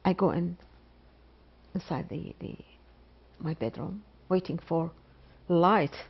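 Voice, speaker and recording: Gravelly-voiced woman, halting. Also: on the low side. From Iraq. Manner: slow, halting, with pauses and repetitions. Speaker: biology professor. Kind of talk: interview testimony. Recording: dull lo-fi interview recording.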